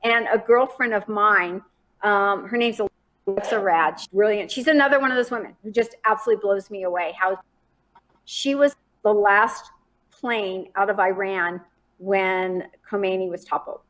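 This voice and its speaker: Animated woman telling a story. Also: mid-range voice, moderate pace. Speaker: guest. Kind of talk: storytelling in a podcast interview.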